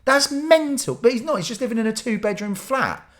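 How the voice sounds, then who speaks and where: A man in his thirties tells a casual, skeptical story and laughs through it. His pitch swings widely as he speaks, and he swears freely. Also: expressive, fairly quick, fairly bright tone. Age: 30s. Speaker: vlogger.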